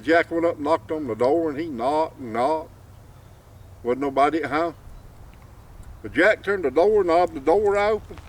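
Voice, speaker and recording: Folksy man telling a folk tale. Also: fairly high pitch. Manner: drawling, folksy, chuckling. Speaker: storyteller. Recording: distant mic, faint outdoor noise.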